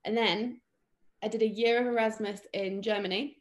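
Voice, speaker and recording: A woman's voice: a little high, steady tone, normal speed. Chatty young British woman. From England. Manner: chatty, lots of fillers and restarts. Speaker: guest. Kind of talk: casual interview chat.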